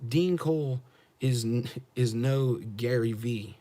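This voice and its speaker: American man, trucker streamer, blunt and profane, combative, dark mellow tone, live-chat rant. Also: medium pitch, slow pace. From United States. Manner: blunt, profane, combative, repeats his questions. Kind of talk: livestream rant answering chat.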